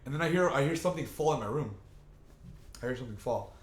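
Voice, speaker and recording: A man's voice: medium pitch, animated, quick pace. A young man telling a long, rambling, profane story in casual chat with friends, restarting his sentences often. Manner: rambling, profane, self-interrupting. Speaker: podcast host. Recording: echoey room, faint ambience.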